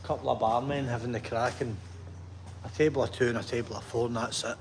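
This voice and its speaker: A man's voice: mid-range voice, fairly even intonation, fast talker, a little hiss or hum. A man vlogging to camera, chatty and enthusiastic, often checking in with "right?". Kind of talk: walking vlog talk to camera.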